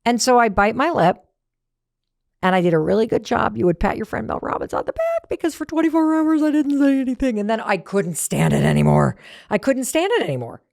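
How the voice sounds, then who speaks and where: Lively middle-aged woman motivational host. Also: fairly high pitch, a little fast, gravelly, no room sound, clean studio sound. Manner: animated, acts out quotes, drops to whispered asides. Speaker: podcast host. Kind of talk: motivational storytelling talk.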